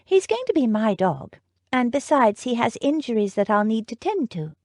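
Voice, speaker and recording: A woman's voice: fairly high pitch, sing-song, moderate pace, a little mellow, no echo, studio quality, voice pushed up. A woman voicing an earnest young lady, firm and eager, in an audiobook.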